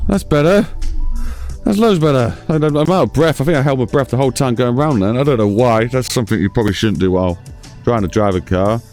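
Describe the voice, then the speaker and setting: A man's voice: medium pitch, fast talker, darkish tone, faint music behind. A man casually commentating over his own driving game, chatty and self-mocking, talking straight to his viewers. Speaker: gaming channel host. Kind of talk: let's-play commentary.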